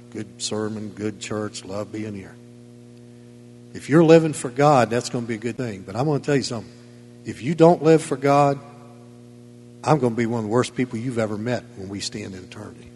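A pastor preaching a sermon in a church, emphatic and folksy with chuckling asides. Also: male voice, mid-range voice, darkish tone, in a large hall, a little hiss or hum. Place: church sanctuary.

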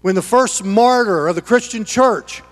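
High-voiced preacher in a reverberant hall. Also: male voice, normal speed. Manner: dynamic preaching with swings between loud and hushed. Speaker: pastor. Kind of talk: sermon.

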